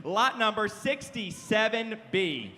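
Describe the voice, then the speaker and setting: A man working as an auctioneer contestant, calling bids in a rapid rhythmic chant on a convention stage. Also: high voice, sing-song, vocal fry, pushed and bright, big-room sound. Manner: fast rhythmic bid calling. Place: large convention hall stage.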